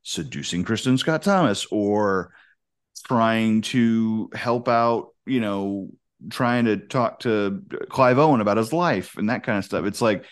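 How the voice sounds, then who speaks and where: A man's voice: on the low side, measured pace. A man co-hosting a podcast, casually and frankly giving his opinions about a film. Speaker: podcast co-host.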